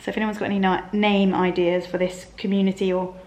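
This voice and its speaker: A young woman, chatting casually to camera in her bedroom, rambling and laughing softly. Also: mid-range voice, level tone, fast talker. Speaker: vlogger. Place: bedroom of a small flat.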